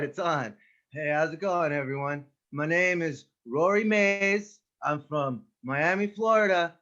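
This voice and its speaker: A man's voice: on the high side, fairly bright tone. A man in an improv comedy scene playing an earnest young male actor who sends in a laid-back audition tape. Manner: laid-back, then overwrought monologue delivery. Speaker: improv performer. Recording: dull lo-fi webcam audio.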